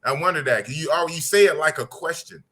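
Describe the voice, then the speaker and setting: A man's voice: on the high side, expressive, fast talker, bright, forceful tone. Blunt, slangy man hosting a podcast. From United States. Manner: blunt, slangy, repeats his points. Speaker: podcast host. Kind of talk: casual podcast talk reading live chat.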